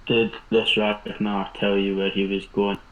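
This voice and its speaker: A man's voice: fairly low pitch, monotone, a little slow, echoey room, a little hiss or hum, poor audio. A man playing a tabletop game, mixing menacing in-character threats with casual description of his actions. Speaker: player. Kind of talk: tabletop role-play.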